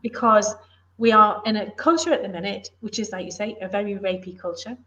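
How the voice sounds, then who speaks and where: A woman's voice: medium pitch, brisk, bright, forceful tone. Earnest middle-aged woman, dull audio. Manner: earnest, emphatic, plain-spoken. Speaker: author and former police officer, guest. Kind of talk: casual interview chat.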